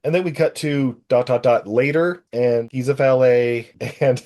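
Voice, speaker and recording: A man's voice: mid-range voice, steady tone, unhurried, mellow. A man in casual film-review chat, recapping scenes with a loose, easy rhythm and frequent laughs. His voice sits in a middle register for a man. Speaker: podcast co-host.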